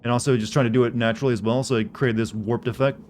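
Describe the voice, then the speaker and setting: A man's voice: medium pitch, fairly even intonation, racing, darkish tone, slight background noise. A man casually commenting on his gameplay live, rambling and correcting himself as he chats with viewers. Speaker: game streamer.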